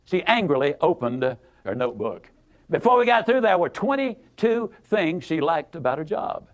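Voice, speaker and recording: High-pitched, folksy motivational speaker man. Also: very animated, normal speed. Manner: folksy, emphatic, repeats for effect. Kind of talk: motivational speech with storytelling.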